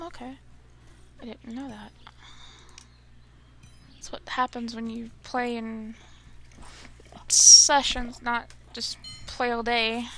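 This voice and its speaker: Grumbling young woman gamer, gravelly. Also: a little high, sharp tone, a little hiss or hum. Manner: grumbling, easily exasperated, chatty. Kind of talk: casual gameplay commentary.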